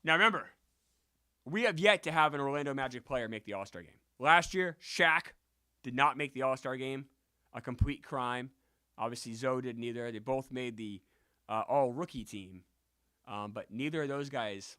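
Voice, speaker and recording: A man streaming a basketball video game, chatting and bursting into loud yelled celebrations, sometimes out of breath. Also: medium pitch, normal speed, smooth, dry recording. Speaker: gaming streamer. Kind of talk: excitable gameplay commentary.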